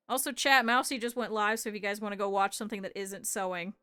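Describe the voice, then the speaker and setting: A woman's voice: fairly high pitch, brisk, hardly any pauses, sharp tone, faint music behind. A woman streamer chatting casually with her viewers while she sews, with laughing asides. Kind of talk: casual livestream chat while sewing.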